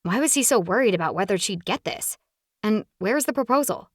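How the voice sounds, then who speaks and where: A woman narrating a romance audiobook in an expressive, animated storytelling style, recorded in a booth. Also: mid-range voice, brisk, no room sound, studio quality.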